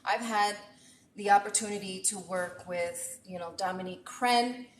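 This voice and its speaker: Talkative middle-aged woman chef streaming from her home kitchen, boomy room sound. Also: moderate pace, a little hiss or hum. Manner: talkative, chatty, thanks viewers often. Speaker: chef and cooking live-streamer. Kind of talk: live-streamed cooking chat. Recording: echoey room.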